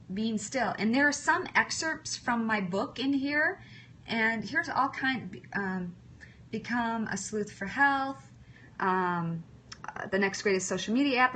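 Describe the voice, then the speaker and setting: Woman, livestream host. Slightly high, bright, punchy voice. Loose, chatty phone-stream delivery with lots of asides. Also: slight background noise. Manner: chatty, thanks viewers by name, scattered asides. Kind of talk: casual livestream chat.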